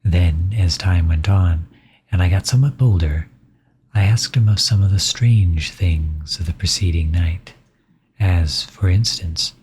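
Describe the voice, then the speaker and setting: A man reading a classic novel aloud as an ASMR bedtime story, soft, slow and hushed. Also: low voice, a little hiss or hum.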